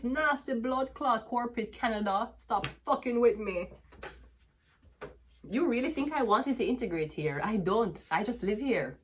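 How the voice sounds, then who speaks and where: A woman's voice: medium pitch, animated, normal speed, husky. A woman with a Jamaican accent giving a tarot reading as a brash, cursing rant that slips into patois. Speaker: tarot reader.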